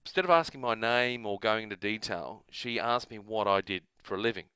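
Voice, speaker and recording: A man's voice: on the low side, fairly quick, sharp tone, clean tone, dry recording. A man with an Australian accent, host of a gaming channel, telling a long rambling story in a casual, self-amused way.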